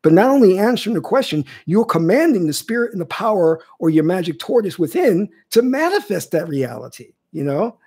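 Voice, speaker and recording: Sitting high and sing-song, his voice moves a little fast with hardly any pauses, darkish in tone and breathy at the edges. He's a spiritual teacher responding to viewers on a casual livestream, often saying "okay?" and repeating himself.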